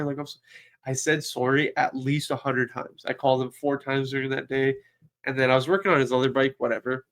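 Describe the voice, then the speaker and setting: A young man co-hosting a casual podcast, telling a story with lively acted-out quotes. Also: medium pitch, brisk. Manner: animated storyteller, acts out quotes. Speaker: podcast co-host. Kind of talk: casual chat.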